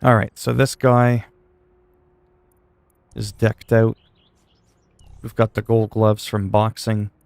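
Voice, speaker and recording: A man's voice: lowish voice, flat delivery, slow pace, gravelly, long pauses, a little mellow, dry recording. A man chatting casually while livestreaming a game, answering chat questions in a laid-back, swearing way.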